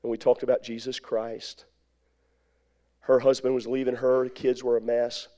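A man's voice: mid-range voice, monotone, normal speed, mellow. A man, an evangelist, preaching by telling a folksy story in a rambling way, full of repetitions and asides. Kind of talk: storytelling sermon.

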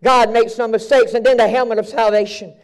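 A man with a strikingly high voice preaches a live sermon. He drops to near-whispers and then rises to shouts, repeating phrases in a fervent cadence. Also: level tone, a little fast, clean tone.

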